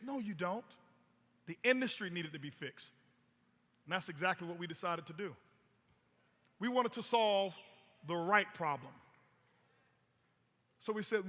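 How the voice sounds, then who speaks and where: A man's voice: sits high, animated, measured pace, long pauses, bright, forceful tone. A man presenting network marketing in a motivational stage talk, telling stories with punchy repetition and rhetorical questions. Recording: long hall reverb.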